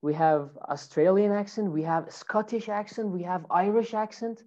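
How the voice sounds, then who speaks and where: A woman's voice: mid-range voice, moderate pace, mellow, highs cut off. A woman teaching English in a live online lesson, greeting her students by name in a friendly way.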